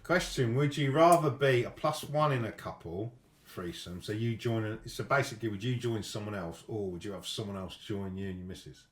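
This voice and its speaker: A man's voice: fairly low pitch, brisk, distant mic. A British man on a comedy podcast panel, bantering bluntly and posing crude questions. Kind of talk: casual banter. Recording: echoey room.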